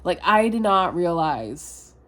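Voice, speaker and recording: A woman's voice: fairly low pitch, big pitch swings, takes it slowly, fairly bright tone. A young woman in a confessional vlog, rambling and self-deprecating, full of filler words and swearing. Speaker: vlogger.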